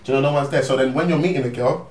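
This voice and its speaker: A young man calmly explaining his view in a casual debate. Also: medium pitch, rapid-fire. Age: young adult. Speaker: debate panelist. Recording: roomy sound from a distant mic.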